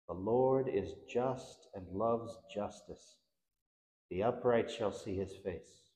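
A man reciting the Divine Office in a solemn, measured liturgical manner, letting each response fall away at its end. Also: lowish voice, dark tone. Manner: measured, reverent, with falling endings on responses. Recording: echoey room.

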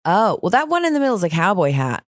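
An English woman hosting a podcast, chatting and teasing her guest in a relaxed, laughing way. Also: mid-range voice, fast talker, dry recording, studio quality. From England. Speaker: podcast host. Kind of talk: casual chat.

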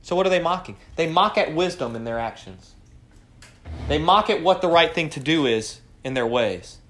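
A man leading a morning Bible study, preaching with lots of rhetorical questions and swinging from quiet asides to loud cries. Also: a little high, normal speed. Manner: animated, fires rhetorical questions at the group.

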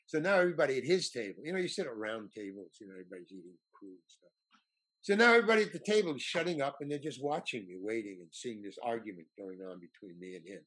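Male actor guest, lively pitch, husky, rambling casual storytelling. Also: fast talker. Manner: rambling with many restarts and stammers. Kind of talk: casual anecdote telling.

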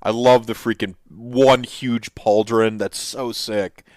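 Male host, casual commentary; smooth, resonant, dry; eager and rambling. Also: medium pitch, fairly even intonation, slow, a little mellow, dry recording. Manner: enthusiastic, rambling with restarts and fillers. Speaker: host reacting to miniature reveals.

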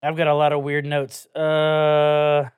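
A man's voice: fairly high pitch, monotone, slow pace, slight background noise. Swearing joking man. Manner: swears a lot, loose and joking. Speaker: podcast host. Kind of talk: casual podcast banter.

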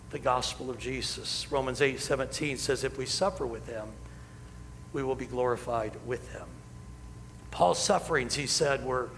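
Pastor guy preaching, sharp bright voice, long echo, a bit of room hiss behind. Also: medium pitch. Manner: preaching with rising emphasis, slowing for key lines. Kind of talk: sermon. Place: church sanctuary. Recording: hall reverb, faint ambience.

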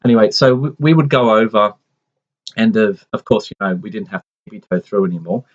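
A man's voice: lowish voice, expressive, brisk. Rambling man telling a family story. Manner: rambling, with many restarts and asides. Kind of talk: casual conversational storytelling. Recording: dull lo-fi sound.

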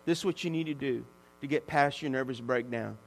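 A man voicing a calm male pastor who gives advice in a low, quiet, matter-of-fact way. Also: fairly quick, creaky, long reverb tail, poor audio.

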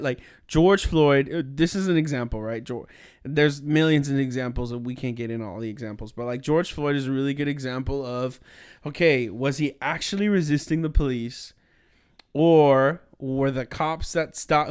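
A young man co-hosting a podcast, thinking aloud in casual chat, halting with many restarts. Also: mid-range voice, clear, resonant tone. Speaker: podcast co-host.

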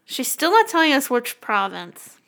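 A woman's voice: sits high, very animated, moderate pace, a bit bright. A woman co-hosting a podcast in casual, playful chat, laughing often and swearing freely. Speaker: podcast co-host.

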